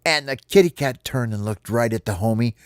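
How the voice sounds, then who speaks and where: A man telling a playful children's story to his kids in an animated way. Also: mid-range voice, fairly quick, dry recording, clean studio sound. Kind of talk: bedtime storytelling.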